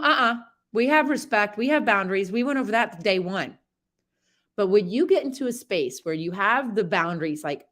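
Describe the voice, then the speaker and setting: A woman's voice: medium pitch, fairly bright tone. A woman horsemanship coach talking a student through a live session over a video call, rambling, chatty and candid, with some mild swearing.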